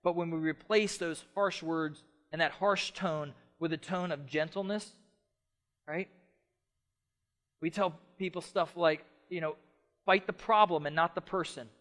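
A middle-aged man preaching a sermon as pastor, passionate, shifting between loud emphatic stretches and soft quiet ones. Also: on the high side, measured pace.

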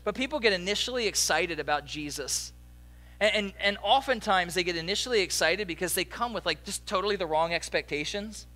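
High, bright-voiced young pastor preaching. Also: male voice, a little fast. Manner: conversational, animated storytelling with audience asides. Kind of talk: sermon.

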